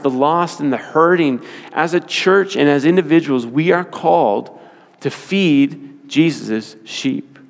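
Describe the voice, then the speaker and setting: A man preaching a sermon, his voice sitting a bit high for a man. He leans on key phrases and repeats them slowly for weight. His words carry a long reverb from the church sanctuary. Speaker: pastor.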